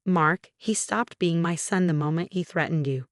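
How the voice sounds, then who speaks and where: A woman's voice: fairly low pitch, moderate pace, no room sound, clean studio sound, natural voice. A woman voicing a regretful aging father who owns a family business, speaking heavily. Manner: heavy, regretful.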